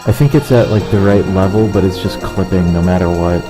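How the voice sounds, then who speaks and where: A man's voice: low voice, a little fast, over music, rough recording. A young man streaming a game, chatting casually and rambling with a lot of swearing. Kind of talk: casual chat while gaming.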